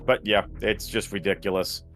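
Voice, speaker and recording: A man's voice: fairly low pitch, fairly even intonation, moderate pace, fairly bright tone, faint music behind. A man from New England doing casual live commentary on a speedrun race, chatty and joking, laughing often. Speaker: game commentator.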